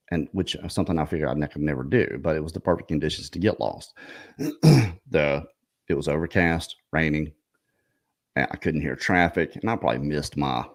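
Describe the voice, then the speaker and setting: Very deep-voiced man telling a story. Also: darkish tone. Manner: rambling, with frequent restarts and throat clearing. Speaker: show host and researcher. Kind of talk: casual storytelling chat.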